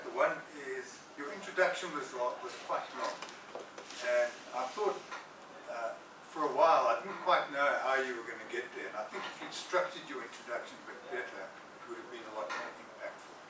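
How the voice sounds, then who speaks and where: Man giving a speech evaluation in an echoey room. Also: mid-range voice. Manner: encouraging and methodical, weighing praise and advice. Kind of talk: spoken evaluation at a club meeting. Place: meeting room. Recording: distant mic in an echoey room with room noise.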